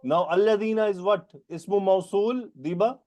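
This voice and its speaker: A man's voice: high voice, warm tone. A male teacher with non-native English, giving a Quran grammar lesson and quizzing students by name. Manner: questioning students by name, explaining terms slowly.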